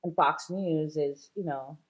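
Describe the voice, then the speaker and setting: A woman's voice: sits low, a little slow, highs cut off. A woman guest in a casual interview, a shop owner talking chattily with many fillers and easy laughs.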